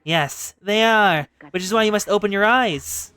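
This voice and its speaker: A streamer voicing a cruel, proud old grandmother, speaking in a slow, stately, coldly calm way while reading a game's story aloud. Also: mid-range voice, pitched above the performer's own voice, close to an everyday voice.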